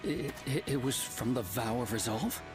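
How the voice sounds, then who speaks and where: A man voicing a shifty, corrupt frontier lawman in a video game, smug but quick to stammer. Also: mid-range voice, expressive, close to an everyday voice. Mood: flustered. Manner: smug, then stammering when caught. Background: game music.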